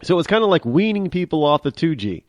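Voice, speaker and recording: Animated man riffing on a show. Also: a little high, quick pace, no room sound. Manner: conversational, emphatic, frequent restarts and repeated words. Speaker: talk show host. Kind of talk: opinionated monologue.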